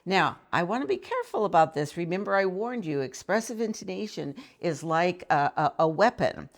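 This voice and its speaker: A woman's voice: on the low side, very animated, normal speed, gravelly. A woman violin professor explaining intonation in a thoughtful, conversational way, asking the listener questions between short demonstrations. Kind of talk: instructional explanation with playing demonstrations. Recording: violin playing between phrases.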